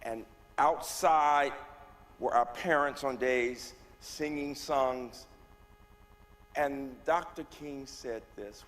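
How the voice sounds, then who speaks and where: A man, giving a personal testimony as a guest speaker, moving from hushed tones to rising, forceful delivery. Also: mid-range voice, very slow, faint music behind. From Birmingham, Alabama. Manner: dramatic storyteller, swings from hushed to rising loud. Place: church. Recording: long reverb of a church hall.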